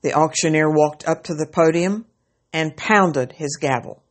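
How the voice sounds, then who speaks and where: A woman narrates a story aloud with slow, measured delivery. Her voice sits fairly low and takes its time over every line.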